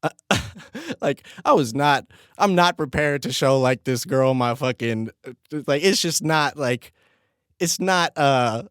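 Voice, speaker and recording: A young man rambles through an embarrassing story on his own podcast, cursing and breaking into laughter between lines. His voice sits at an ordinary middle pitch, and the recording is close and dry, with no room sound. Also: measured pace, a bit bright, smooth, no echo. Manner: laughs often, crude and self-mocking. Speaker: podcast host. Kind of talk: casual storytelling monologue.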